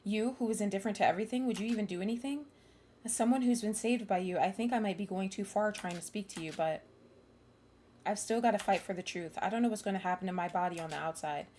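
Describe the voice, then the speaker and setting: A woman's voice: mid-range voice, fast, dark tone, slight background noise, close to an everyday voice. A woman reading a resolute young heroine. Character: determined young woman vowing to fight on. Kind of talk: reading game dialogue aloud.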